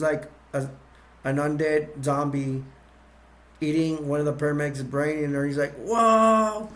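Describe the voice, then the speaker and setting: A man reviewing a movie by retelling its plot in a rambling, halting way, with many restarts. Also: a little high, a little mellow.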